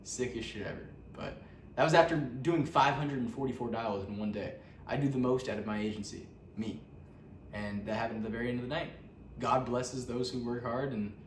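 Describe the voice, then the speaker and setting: A young man talking casually to camera as a vlogger, slangy and profane, full of fillers and restarts. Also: mid-range voice. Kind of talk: casual motivational talk to camera. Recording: roomy, distant from the mic, faint background noise.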